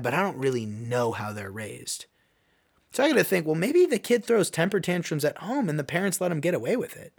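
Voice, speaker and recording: A man's voice: fairly high pitch, gravelly, fairly bright tone. A man hosting his own podcast, giving an earnest, rambling personal opinion monologue full of restarts. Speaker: podcast host and youth basketball coach.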